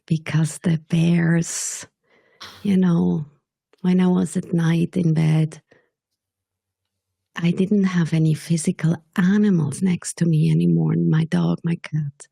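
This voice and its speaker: Low gravelly woman, slow and hushed. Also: little pitch movement, no room sound. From Switzerland. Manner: slow, measured, sometimes dropping to a whisper. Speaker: guest. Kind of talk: podcast interview storytelling.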